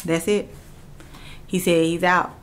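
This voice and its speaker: A woman's voice: lowish voice, fairly even intonation, slow pace, a little hiss or hum. A woman working as a spiritual medium, earnestly relaying messages in a channeling reading and repeating key phrases.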